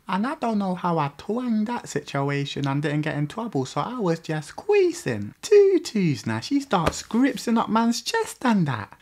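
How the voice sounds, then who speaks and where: A man, hosting a comic storytime monologue full of crude street slang, his pitch leaping up and down as he tells it. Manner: crude, slang-heavy, animated storytelling with sudden pitch jumps. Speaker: storytime channel host.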